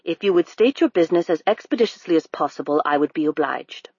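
A narrator voicing a calm, formal male businessman with a crisp, almost British accent and very courteous phrasing. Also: medium pitch, quick pace, dry recording. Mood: composed. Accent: crisp, near-British. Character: composed, formal African businessman, polite. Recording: dry, dull lo-fi recording.

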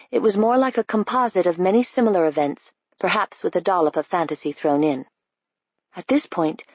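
A woman reading a novel aloud as narrator, in an even, measured way. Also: fairly low pitch, breathy edge, dry recording, muffled recording. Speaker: audiobook narrator. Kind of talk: scripted narration.

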